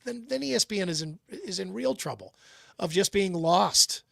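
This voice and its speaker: Guy co-hosting a sports podcast, kinda high voice, lots of stops and restarts, dry close sound. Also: lively intonation, vocal fry, a bit bright, dry recording. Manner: halting, many restarts. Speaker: co-host. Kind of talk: casual sports chat.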